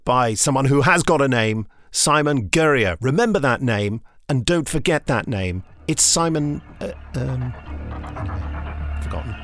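A man's voice: medium pitch, lively intonation, moderate pace, hardly any pauses, a bit bright, no room sound, faint music behind. A man co-hosting a podcast, reading listener reviews aloud with jokes and laughs. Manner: jokey, laughs while reading. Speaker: podcast co-host.

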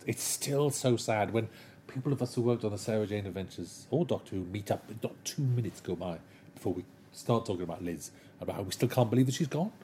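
A man chatting as an interview guest, animated and enthusiastic, with rambling anecdotes. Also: fairly low pitch, a little hiss or hum. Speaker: guest, television writer. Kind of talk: casual interview chat.

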